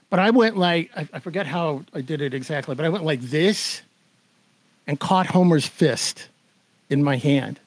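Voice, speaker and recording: An older man as a guest, telling a story with a slightly high voice. He acts out the other people's lines with animation. He laughs as he talks. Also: dry recording, low-quality recording. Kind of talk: storytelling in conversation.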